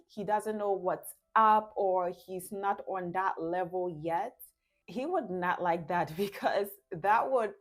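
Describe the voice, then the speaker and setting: A woman giving casual relationship advice at an unhurried, easy pace. She laughs often and slips into little acted scenes between a couple. Her voice sits in a middle pitch.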